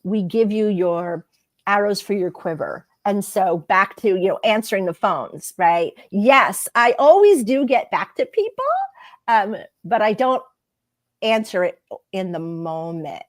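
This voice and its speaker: A woman talks as a guest teacher on a radio show, animated and playful in casual conversation. Her voice sits at a middle pitch. The sound is dry, with no room echo. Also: unhurried.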